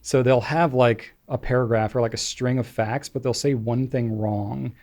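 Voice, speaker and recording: A man's voice: mid-range voice, steady tone, normal speed, darkish tone. A middle-aged man co-hosting a podcast, chatting casually and rambling with lots of fillers. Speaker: podcast co-host. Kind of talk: casual chat.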